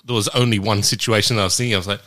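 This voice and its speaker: A man's voice: lowish voice, fairly even intonation, rapid-fire, fairly bright tone. A man in casual podcast banter, laughing a lot and acting mock-offended.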